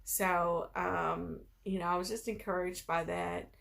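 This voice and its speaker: Lady vlogger chatting through her storytime, kinda low voice with lots of fry. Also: steady tone, measured pace, a bit bright. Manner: chatty, heavy on filler phrases. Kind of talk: casual storytime.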